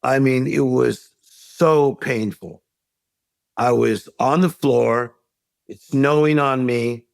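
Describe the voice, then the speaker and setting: Man, gravelly, dry close sound, animated storyteller, middle-aged, podcast guest. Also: medium pitch, slow, dry recording. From United States. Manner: animated storyteller acting out quoted voices. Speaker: guest, life coach.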